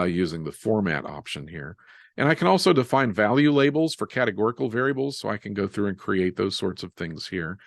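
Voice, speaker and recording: A man teaching a live software webinar, explaining each step as he types and joking about his own typos. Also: fairly low pitch, no echo. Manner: relaxed, self-deprecating, walks through steps while typing. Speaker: software instructor.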